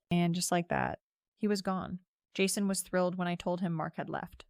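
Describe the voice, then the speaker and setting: A woman narrating a scripted first-person story in a steady, reflective way. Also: lowish voice, normal speed, dry recording, clean studio sound.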